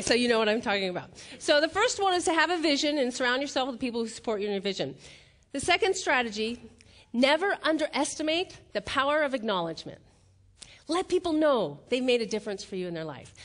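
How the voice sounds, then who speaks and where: A middle-aged woman giving a motivational keynote on stage before a live audience, telling stories and acting out the quotes. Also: high-pitched. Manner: animated storytelling, acts out quotes, laughs at own jokes.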